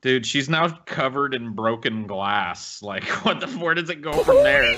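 Brief: male co-host, bright tense tone, lively delivery, playful exaggeration. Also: mid-range voice, a little slow. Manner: joking, exaggerating. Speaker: podcast co-host. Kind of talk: casual crude banter.

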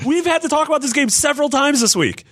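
Fast high-voiced man ranting about a game. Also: expressive, fairly bright tone, no room sound, clean studio sound. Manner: exasperated ranting, quick and emphatic. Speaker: podcast co-host. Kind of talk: casual chat.

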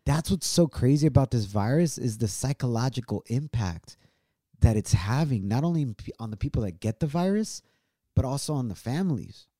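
A man's voice: mid-range voice, expressive, fairly quick, dark tone, dry recording. A man in his thirties hosting a show from his home studio, talking earnestly and emotionally and slipping Spanish phrases into his English. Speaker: show host. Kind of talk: heartfelt casual chat.

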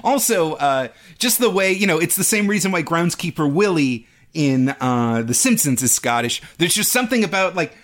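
A man's voice: fairly high pitch, expressive, normal speed, hardly any pauses, a bit bright. A man co-hosting a podcast in casual chat, talking hesitantly with many fillers and restarts. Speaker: podcast co-host.

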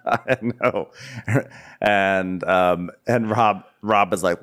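A man's voice: very slow, fairly bright tone. A man co-hosting a comedic reality-TV recap, giggly and mimicking the cast. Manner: giggly, mimics the cast in high squealing voices. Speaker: podcast co-host.

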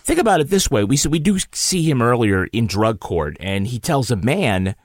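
A man hosting a casual chat, joking and slipping into quick mock voices as he recaps a TV show. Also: mid-range voice, sing-song, no echo, studio quality. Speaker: podcast host.

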